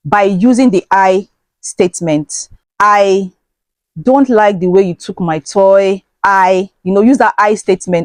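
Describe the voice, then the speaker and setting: A woman's voice: medium pitch, darkish tone, dry recording. Earnest woman giving parenting advice. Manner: earnest, preachy, with rhetorical questions and many "you know" fillers. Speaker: parenting channel host. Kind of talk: talking-to-camera parenting advice.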